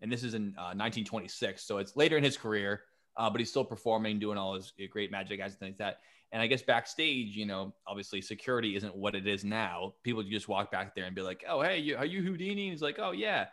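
Animated storytelling man, podcast host. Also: lowish voice, fast. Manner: animated storytelling, swears, acts out quotes. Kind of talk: casual chat.

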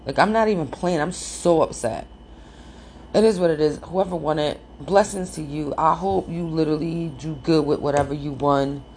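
A woman's voice: sits low, moderate pace, a little mellow, a little hiss or hum. A woman vlogging casually right after waking up, venting her frustration and swearing often. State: just woke up. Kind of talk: casual morning vlog rant.

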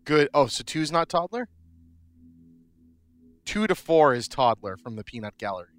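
A man's voice: on the high side, very animated, moderate pace. A middle-aged man co-hosting a podcast in casual chat, cracking dad jokes and laughing at them. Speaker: podcast co-host.

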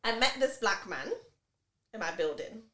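A woman's voice: medium pitch, normal speed. A woman co-hosting a podcast, chatting casually and telling stories with many asides. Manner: animated, expressive storyteller with many asides. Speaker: podcast co-host. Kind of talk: casual chat, storytelling. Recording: echoey room.

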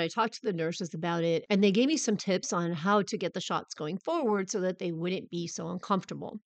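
Candid low-voiced woman podcaster. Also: no echo. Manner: candid, conversational, animated when recalling hard moments. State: recovering from a cold. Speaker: podcast host. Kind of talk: personal storytelling monologue.

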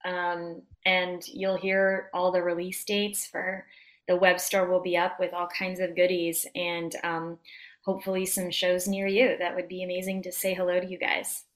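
A woman's voice: fairly low pitch, monotone, moderate pace, low-quality recording. A woman musician, a guest on a podcast, speaking hesitantly with many fillers. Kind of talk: casual interview chat.

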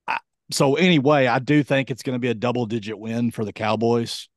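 A man co-hosting a casual sports podcast, rambling and hesitant with many ums, his voice going a bit hoarse. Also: medium pitch, steady tone, a little fast, no echo, studio quality. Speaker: podcast co-host.

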